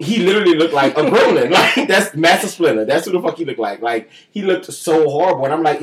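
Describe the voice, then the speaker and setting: A man's voice: medium pitch, roomy sound. A man telling a story in casual podcast chat, profane and laughing often. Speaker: podcast co-host.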